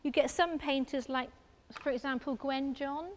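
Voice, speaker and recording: A woman's voice: high voice, steady tone, normal speed. A woman artist giving a live painting demonstration in an exhibition space, chatting enthusiastically and thinking aloud as she paints.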